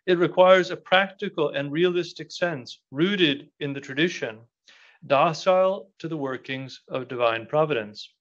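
A man, a monastic prior, giving a measured keynote speech and then answering a question with many pauses and fillers. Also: on the high side, lo-fi sound. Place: conference hall.

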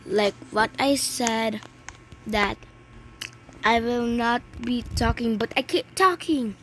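A woman from the Philippines, giving excitable, chatty commentary on her gameplay with many exclamations. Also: a little high, slow pace, low-quality recording. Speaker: gaming channel host. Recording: clear background noise with clicks.

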